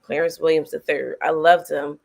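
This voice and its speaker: A woman hosting a film reaction show, chatting casually and excitably, laughing often and using slang. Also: low voice, moderate pace, creaky.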